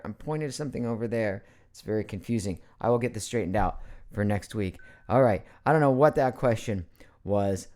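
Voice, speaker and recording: A man's voice: medium pitch, darkish tone, smooth. Middle-aged male voice actor, casual livestream host at his home computer, playful and rambling. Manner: chatty and playful, jumps between topics. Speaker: voice actor hosting a live Q&A. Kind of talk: casual live-stream chat.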